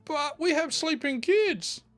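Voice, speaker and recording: Casting: man putting on a whining, evasive entitled middle-aged woman, squeaky high. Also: lively intonation, takes it slowly, a bit bright, soft background music, heavily acted. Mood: whiny. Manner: whiny, evasive.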